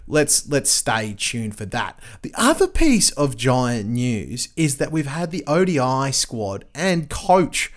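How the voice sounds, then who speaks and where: An Australian man hosting a casual podcast, chatty and excitable, with lots of fillers and restarts. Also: mid-range voice, slow pace, few pauses. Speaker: podcast host. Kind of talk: casual cricket podcast chat.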